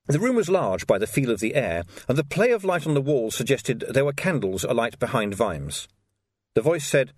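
A man's voice: mid-range voice, very animated, normal speed, husky, no echo, studio quality. A man narrating an audiobook expressively, acting out the characters.

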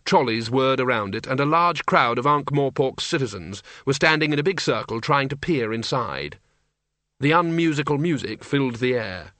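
A man narrates a comic fantasy novel in a measured, dry storytelling manner. His tone is bright and clear. The recording is close and dry. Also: mid-range voice, expressive, no echo. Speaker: audiobook narrator. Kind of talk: scripted narration.

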